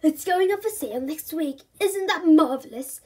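A woman's voice: high voice, lively intonation, moderate pace, dark tone, pitched above the performer's own voice. A woman voicing a cheerful, firm father who speaks in an upbeat, matter-of-fact way.

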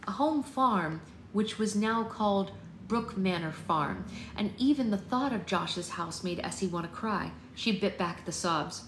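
A woman reading a novel aloud for her book club in a steady, unhurried storytelling way. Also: mid-range voice. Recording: roomy sound with faint noise.

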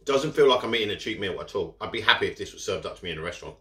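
A man's voice: lowish voice, lively intonation, very fast, fairly bright tone. A man chatting casually while eating in a food vlog, rambling with his mouth full. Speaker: food vlogger. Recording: echoey room. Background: cutlery and dishes.

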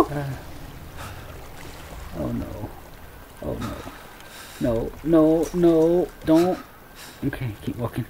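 This young gaming YouTuber's voice is mid-range, gravelly, and mellow, animated but slow with frequent pauses, plus a little hiss or hum. Playing a horror game, he jumps, exclaims, and talks to his viewers, whom he calls Wolfpack.

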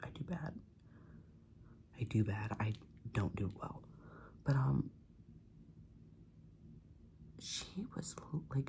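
A man's voice: medium pitch, creaky, slight background noise. A young man in his twenties whispering an ASMR vent while doing his makeup, chatty, swearing and full of "like". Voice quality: mostly unvoiced whisper. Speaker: ASMR creator.

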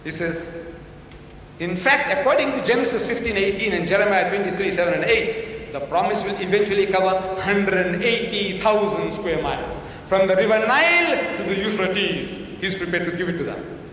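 A man's voice: high voice, moderate pace, a bit bright, recorded from a distance, slight background noise. A man speaking in a public debate, sarcastically quoting and mocking his opponent with fiery rhetorical questions. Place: large lecture hall. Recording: very echoey hall recorded from afar.

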